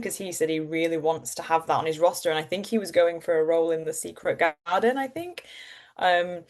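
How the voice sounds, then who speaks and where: Comedic woman with a soft Yorkshire accent. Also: on the low side, a little fast. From Yorkshire, England. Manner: animated and comedic, laughing often, jumps into playful voices. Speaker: actor and presenter, guest. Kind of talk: casual interview chat.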